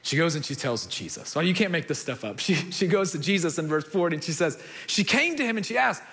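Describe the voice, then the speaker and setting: A young man preaching a sermon, telling stories in an animated way and repeating words as he builds a point. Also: a little high, fast talker, hardly any pauses. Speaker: pastor.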